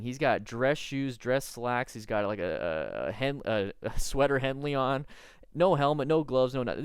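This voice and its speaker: A man talks through a riding mistake in casual video commentary, teaching like a coach who is trying hard not to laugh. His voice is smooth and resonant, and the sound is dry and close, with no room echo. His pitch sits in the middle range. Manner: earnest, instructive, stifling laughter.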